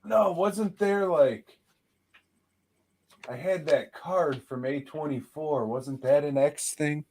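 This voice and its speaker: A man's voice: a little high, slow pace, a little mellow, slight background noise. A man co-hosting a casual podcast chat, blunt and profane, laughing often. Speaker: podcast co-host.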